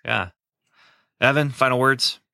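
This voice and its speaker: Bright, dry-voiced chatty podcast host. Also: male voice, mid-range voice, unhurried, vocal fry, no room sound. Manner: chatty, enthusiastic, laughs easily. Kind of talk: casual podcast chat.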